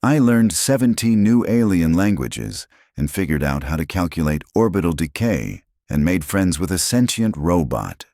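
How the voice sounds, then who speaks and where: An eager little girl chatters in a storybook tale, lifting well above the speaker's own very deep voice as a man puts her on. The sound is dry and close to the mic. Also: very animated, moderate pace, hardly any pauses, a little mellow, no room sound. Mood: excited. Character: brave cheerful little human girl.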